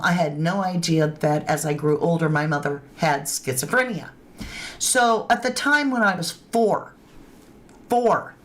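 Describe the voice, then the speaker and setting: A woman's voice: lowish voice, fairly bright tone. A woman hosting a true crime livestream, chatting informally and talking straight to her viewers. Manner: informal grammar. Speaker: true crime channel host. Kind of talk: casual livestream commentary.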